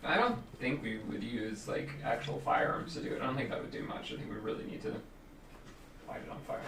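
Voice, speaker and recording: A man's voice: medium pitch, very animated. Bantering man, distant and roomy. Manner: quick, teasing banter. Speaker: co-host of a painting livestream. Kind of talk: casual chat. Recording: roomy, distant mic, noisy ambience.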